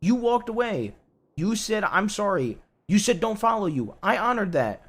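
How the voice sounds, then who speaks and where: A man playing a loud, worried husband in an in-game roleplay, talking bluntly and swearing a lot. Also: high-pitched, big pitch swings, moderate pace, full character voice.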